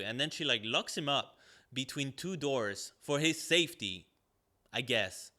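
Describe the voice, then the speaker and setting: A man with a bright, forceful voice rants through a podcast movie review. He's sarcastic and swears freely, and he rambles with plenty of "like" and "um" as he goes. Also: medium pitch, animated, normal speed. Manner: sarcastic, profane, rambling with many fillers. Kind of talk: ranting casual review.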